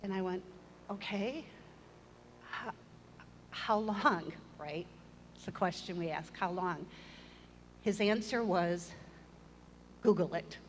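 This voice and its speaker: A middle-aged church member tells her testimony in a church hall, speaking unhurriedly in a mid-range voice and pausing often. She's earnest and storytelling, with a bit of self-deprecating humor, while long hall reverb and faint room noise surround her.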